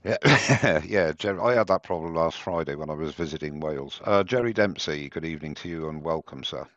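Chatty man, very deep voice. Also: fairly quick, a bit bright, no echo. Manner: chatty, self-mocking, rambling. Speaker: host of a live woodturning demo. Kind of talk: casual live-stream chat. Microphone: headset. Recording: dull, dry headset sound.

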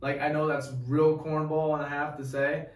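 A young man co-hosting a podcast, rambling through a profane, excited story in casual chat. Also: fairly high pitch, normal speed. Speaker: podcast co-host. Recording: echoey room, distant mic.

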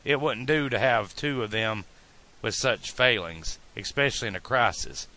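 A man narrating an amateur audiobook at an uneven pace, slowing on some phrases. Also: fairly low pitch, pushed and bright.

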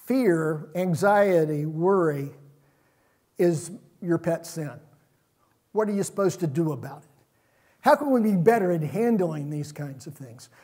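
A man preaching a sermon in a church, retelling stories in a relaxed, conversational way. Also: high-pitched.

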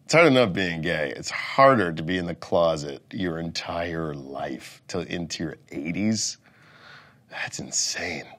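Male comic, low voice, loud profane rant with sudden muttered asides. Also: lively intonation, unhurried. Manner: profane, swings from loud outbursts to mumbled asides. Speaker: comedian rating things as overrated or underrated. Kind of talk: comedic rant to camera.

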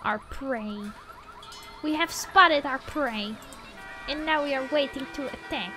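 A woman voicing a menacing serial-killer dog in a low, hushed, plotting tone during a game stream. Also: slow, over music. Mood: sinister. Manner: low, hushed, sinister scheming.

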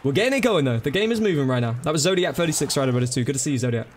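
A man's voice: a little high, lively intonation, very fast, a little hiss or hum. A man chatting casually to viewers during a live gaming stream, thanking them by name and calling them bro and dude.

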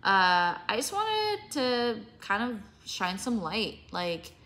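A young woman vlogger rambles to her viewers in a bright, forward, mid-range voice that is very animated yet slow. She swears freely, keeps losing and hunting for words, and yawns now and then in this casual vlog.

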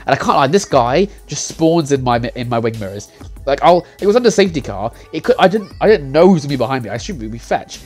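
A man's voice: medium pitch, lively intonation, quick pace. A young man recapping a sim racing league round in a casual, rambling way, full of fillers, self-corrections and little chuckles. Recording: faint music behind.

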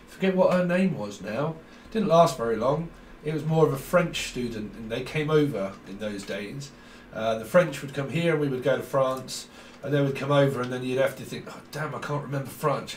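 A man's voice: on the high side, distant mic. A man giving a rambling, jokey tarot reading, free-associating and putting on silly voices. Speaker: tarot reader. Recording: roomy echo, set back from the mic, faint background noise.

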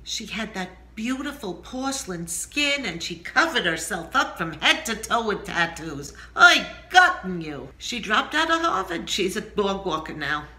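A woman's voice: mid-range voice, very animated, normal speed, few pauses, sharp tone, echoey room. An older woman with a New York Jewish accent, hosting a comic show with a brassy, exclaiming, kvetching manner. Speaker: comedy web show host. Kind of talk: comic character monologue.

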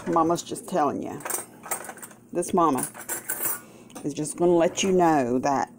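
A woman with a fairly low voice chats slowly and lovingly through a home cooking vlog. She is playful and doting, with delighted exclamations. Faint kitchen noise sits behind her. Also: steady tone, darkish tone. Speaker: home cook vlogger.

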